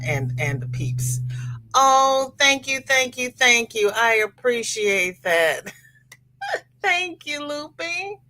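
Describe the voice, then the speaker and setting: Older woman, live-stream host, slow unhurried delivery, somewhat low but bright voice, chatty and sympathetic. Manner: chatty, sympathetic, greets viewers by name. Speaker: crochet livestream host. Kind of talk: casual live-stream chat reading viewer comments.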